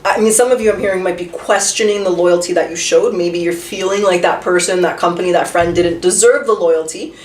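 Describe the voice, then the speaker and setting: A woman with a lowish voice gives a casual tarot reading, talking a little fast with few pauses. She chats away, throwing in plenty of rhetorical questions and the occasional swear word. The room is echoey and she sounds a bit far from the mic.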